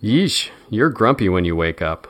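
A man's voice: on the low side, big pitch swings, a little slow, a bit bright. A man voicing a fussy, theatrical man wearing a ball gown.

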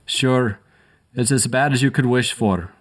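A swaggering Irish paramedic with a brogue, as a male narrator puts him on. He is gruff and clipped, firing off orders in a raised voice that sits well above the deep narration around it. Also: a little slow, close to an everyday voice.

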